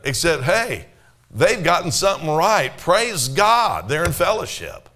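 A male pastor with a voice pitched a bit above most men's, delivering a sermon in a church. He talks to the congregation in a plain, conversational way, asking rhetorical questions and quoting scripture. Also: very animated, a little slow, sharp tone. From Canada.

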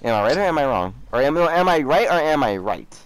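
A young man's slightly high, very animated voice moves a little fast as he chats casually during a game. Trolling a scammer for his YouTube channel, he mocks the other player, repeats himself, and says "bro" a lot.

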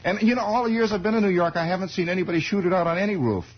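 An American radio host in his forties delivers a rambling, wry storytelling monologue full of asides, preserved on a dull archival recording. His voice is high and racing, with a breathy edge.

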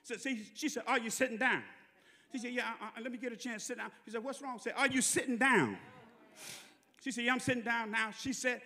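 A Southern preacher with a very high, bright, forceful voice tells a story from the pulpit, moving from easy conversational delivery to fervent shouting. His voice rings with the long reverb of a church hall. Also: steady tone, brisk. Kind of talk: sermon storytelling. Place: church sanctuary.

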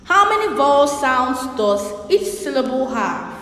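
A woman's voice: high-pitched, very animated, unhurried, sharp tone. A woman teaching young children a spelling and reading lesson, spelling words out letter by letter and repeating them. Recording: echoey room with long reverb.

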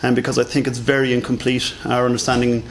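A man's voice: mid-range voice, monotone, quick pace, slight background noise. A man with a noticeable accent giving a conference lecture, chatty and self-deprecating, with many fillers. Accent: non-standard English accent. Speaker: conference speaker.

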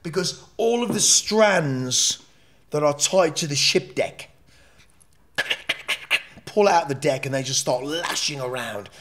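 A man's voice: a little high, lively intonation, slow pace, long pauses, a bit bright. A man speaking as a podcast guest, telling a personal story in a candid, blunt and emotional way, with frequent swearing and rambling asides.

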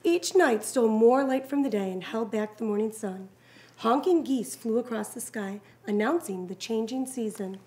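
A woman reading a children's picture book aloud to a child, animated and encouraging. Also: a little high, normal speed, a little hiss or hum.

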